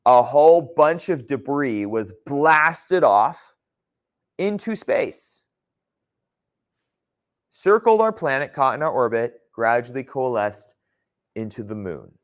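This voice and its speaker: A man's voice: medium pitch, sing-song, slow, long pauses. A man teaching a geology class in a conversational lecture style, often checking in with his students. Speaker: geology instructor.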